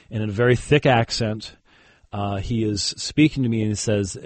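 Low voiced guy, kinda husky, rambling story with little chuckles. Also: moderate pace, darkish tone, no echo. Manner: storytelling with many fillers and restarts, chuckling asides. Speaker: guest, Christian debater. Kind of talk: conversational interview.

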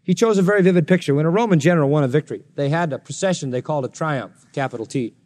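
A male pastor preaching an expository sermon, animated and jokey, slipping into mocking sarcastic voices. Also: fairly high pitch, very fast. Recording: long reverb of a large hall.

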